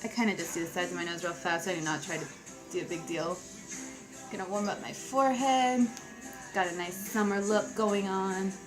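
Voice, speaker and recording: A woman's voice: medium pitch, normal speed, over music, rough recording. A young woman chatting casually through a makeup tutorial, giggly and self-mocking, with offhand asides. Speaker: beauty vlogger.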